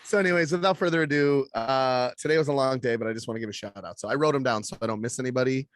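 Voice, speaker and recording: A man's voice: medium pitch, racing, no echo, clean studio sound. A young adult man hosting a podcast, telling a story in loose, profane chat and laughing between lines. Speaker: podcast host. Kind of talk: casual chat.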